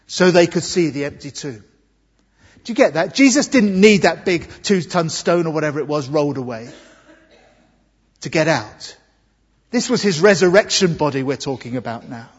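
Husky, slightly high male preacher from England, earnest sermon delivery, dull recording with long church reverb. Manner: earnest, emphatic, slows for key words. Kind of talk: Easter sermon. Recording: dull muffled sound with long hall reverb.

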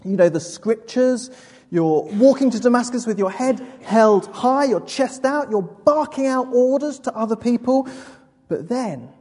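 Woman preacher, mellow and slightly husky, with a long hall reverb. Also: fairly high pitch, measured pace. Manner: vivid, expressive storytelling with asides. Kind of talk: sermon. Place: church.

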